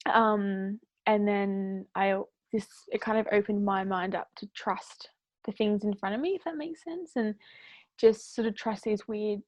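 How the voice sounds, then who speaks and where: A woman with a mid-range voice tells stories as a guest on a podcast, speaking at a measured pace with no echo. She's chatty, fills her speech with "like," and acts out what people said.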